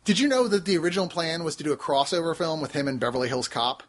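A man's voice: fairly high pitch, fast. A man co-hosting a casual podcast, recapping and reviewing movies in a wry, storytelling way. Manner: animated, wry storytelling with frequent laughs. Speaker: podcast co-host.

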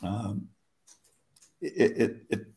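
A man's voice: on the low side, big pitch swings, extremely slow, gravelly, mellow. A man, a public speaker, telling stories in an interview in a rambling, self-interrupting way, often laughing at himself. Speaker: guest speaker. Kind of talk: storytelling interview answers.

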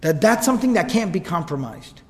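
A male lecturer telling a religious history story in an animated way, mixing in Arabic quotes. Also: high voice, fairly quick, big-room sound.

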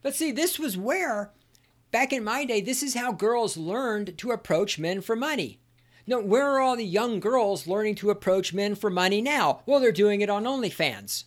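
A man's voice: sits high, expressive, normal speed. Profane, ranting middle-aged man. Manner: ranting, profane, sarcastic storytelling. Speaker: podcast host. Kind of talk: solo podcast monologue.

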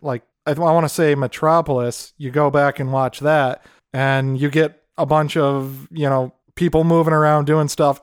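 A man with a fairly high voice thinks aloud in a casual film chat, hedging with fillers and slipping in jokes. The recording is dry and close. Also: clear, resonant tone, no room sound. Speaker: podcast co-host.

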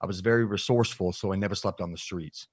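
A man with a very low voice tells his story candidly as an interview guest. He speaks in a reflective, halting way, and the sound is close and dry with no room echo. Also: husky. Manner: frank and reflective, halting with fillers. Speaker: podcast guest, nutrition coach.

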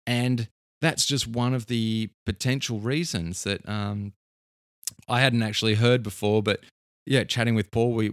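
Low-voiced man explaining earnestly. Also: no room sound, studio quality. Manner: earnest, thinks aloud with frequent restarts. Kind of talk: casual explanatory monologue.

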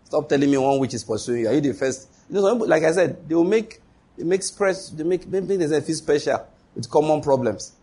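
Emphatic husky male preacher. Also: animated, brisk, dark tone. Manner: emphatic preaching with sudden high-pitched exclamations and rhetorical questions. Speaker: pastor. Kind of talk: sermon.

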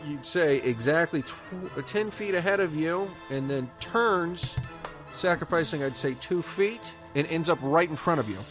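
Man running a tabletop game, higher voice. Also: animated, music in the background. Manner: casual, laughing, halting with fillers. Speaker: game master.

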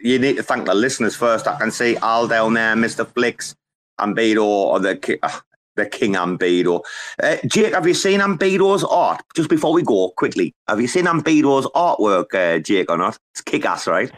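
A man's voice: fairly low pitch, expressive, normal speed, fairly bright tone. A man hosting a casual chat, joking around and swearing freely. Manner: loose, swearing, joking banter. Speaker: host.

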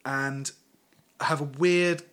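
A man's voice: fairly high pitch, steady tone, drawn-out words, fairly bright tone, clear, resonant tone. A man with a slightly raised voice co-hosts a casual history podcast. He keeps it loose and jokey, drops the odd swear word and works through his notes at an easy conversational pace. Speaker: podcast co-host.

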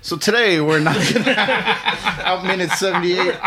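A man's voice: sits high, measured pace, a loud crowd. A man hosting a podcast, steering the talk in casual chat. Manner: easygoing, guides the discussion. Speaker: podcast host.

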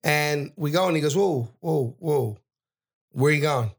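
Middle-aged man, brash animated storyteller, slightly high voice, swearing freely. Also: measured pace. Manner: acts out every character, loud and brash, swears freely. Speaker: podcast guest.

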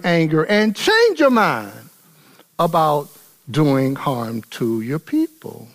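Animated preacher man, high lively voice. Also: takes it slowly. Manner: animated, acts out dialogue with rising intensity; casual, folksy phrasing. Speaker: pastor. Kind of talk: sermon.

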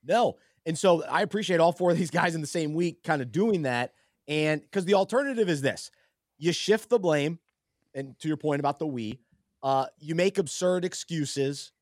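A man's voice: fairly high pitch, normal speed, no room sound, clean studio sound. A man co-hosting a casual sports talk show, earnest and thoughtful, often restarting his sentences. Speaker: podcast co-host. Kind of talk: casual sports chat with a faith angle.

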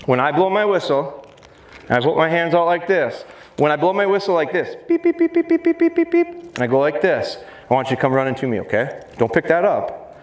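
A man who trains dogs, giving a live seminar and talking fast and jokingly with the crowd in a large hall. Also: on the high side, animated. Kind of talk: live seminar talk to an audience. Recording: roomy live hall sound, faint noise.

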